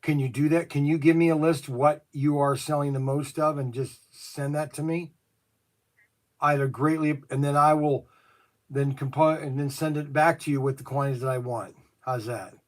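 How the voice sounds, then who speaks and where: A man's voice: on the high side, steady tone, moderate pace. A man running a toy shop livestream, chatty and jokey while making a phone call.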